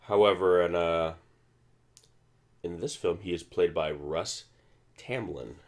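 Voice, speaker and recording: A man's voice: sits low, slow pace. A man hosting a casual movie commentary, rambling with many restarts and fillers. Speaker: film commentary host.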